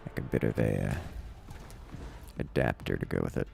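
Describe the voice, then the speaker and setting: A man's voice: a bass voice, normal speed, creaky, a little mellow, faint music behind. A man hosting a casual gaming livestream, musing aloud as he plays and answers chat. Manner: musing aloud while playing, reading chat. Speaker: livestream host.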